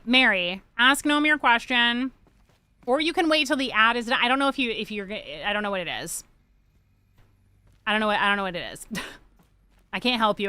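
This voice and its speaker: Bright, clear-voiced young woman streamer. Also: fairly high pitch, dry recording. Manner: rambling, joking, swears freely. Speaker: livestreamer. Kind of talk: casual chat while gaming.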